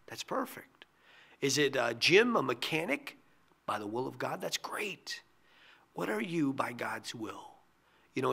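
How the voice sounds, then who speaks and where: Pastor guy doing a quick devotional, gravelly voice, bright edge, earnest and goes almost whispery on the big lines. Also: medium pitch. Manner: earnest, drops to a hushed near-whisper on key phrases. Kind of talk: short devotional sermon.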